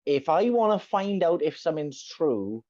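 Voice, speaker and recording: A man's voice: fairly high pitch, very animated, moderate pace, darkish tone. A man co-hosting a livestream, trading playful, mock-serious banter. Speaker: co-host. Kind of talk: casual chat on a livestream. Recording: slightly dull, lo-fi mic.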